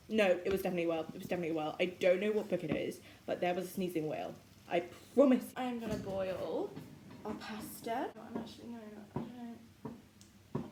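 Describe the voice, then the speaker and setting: A woman's voice: medium pitch, noisy background. Bubbly young British woman rambling in the kitchen. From Britain. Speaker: vlogger. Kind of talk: casual cooking vlog chat. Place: home kitchen.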